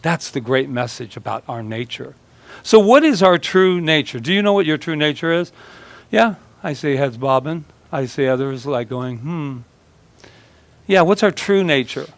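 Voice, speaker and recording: A man's voice: a little high, normal speed, dry recording. Conversational man giving a sermon. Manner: conversational, joking, animated storytelling. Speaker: pastor. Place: church service.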